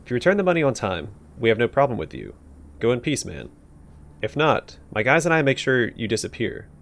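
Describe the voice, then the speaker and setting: A man voicing an old male thief turned loan shark in a video game, talking in breezy slang that turns to threats. He pitches it a bit higher than his own voice and makes it lively, with a gravelly edge. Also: a little fast. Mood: swaggering.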